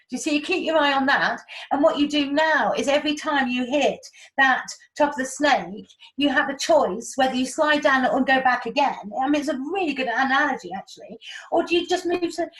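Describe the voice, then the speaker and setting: A woman giving animated, chatty spiritual guidance and explaining with homely analogies. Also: sits high, low-quality recording. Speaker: spiritual guide. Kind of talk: casual spiritual talk.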